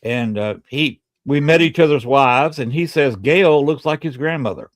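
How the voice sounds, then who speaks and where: Relaxed hesitant male podcast host. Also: medium pitch, moderate pace. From American South. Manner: relaxed, hesitant, many uh fillers. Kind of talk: casual podcast chat.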